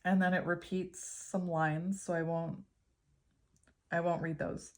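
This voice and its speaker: A woman talking through a tarot reading in a relaxed, chatty way, her voice sitting a little on the low side for a woman. She laughs often between phrases and sounds openly emotional, at times close to tears. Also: a little slow, pauses often. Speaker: tarot reader. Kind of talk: casual spoken tarot reading.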